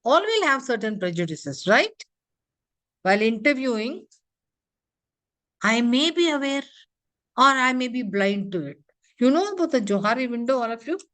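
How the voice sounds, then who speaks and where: A female corporate trainer gives an interactive lecture, quizzing the room with quick questions and habitually adding "you know" and "huh?". Her voice is fairly high, very animated, and a bit bright.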